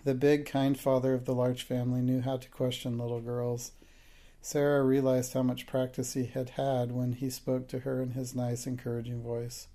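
Gravelly, mellow male audiobook narrator. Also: medium pitch, monotone, moderate pace. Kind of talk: scripted narration.

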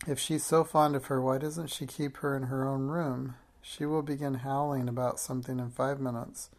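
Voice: mid-range voice, flat delivery, moderate pace, natural voice. A sneering, spiteful schoolgirl, as a storybook reader puts her on, her words dripping with mockery. The voice stays close to the reader's own, only a touch raised when she snaps. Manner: sneering and mocking.

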